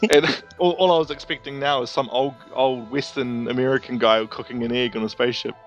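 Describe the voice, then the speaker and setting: A man's voice: medium pitch, fairly even intonation, fairly quick, highs cut off, soft background music. A man co-hosting a podcast in casual chat, eager and opinionated, often correcting himself mid-sentence. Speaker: podcast co-host.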